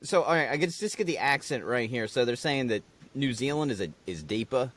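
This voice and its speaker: A man co-hosting a podcast, chatting easily and giving a casual movie review, often pausing on fillers. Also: mid-range voice, expressive, a bit bright. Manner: easygoing, hesitant, trails off with fillers. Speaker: podcast co-host.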